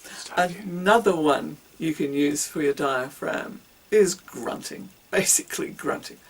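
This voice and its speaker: Recorded roughly and from a distance, a singing teacher with a low, slightly rough voice speaks at a measured pace. She keeps the lesson casual, showing breathing exercises through whoops, grunts and hisses.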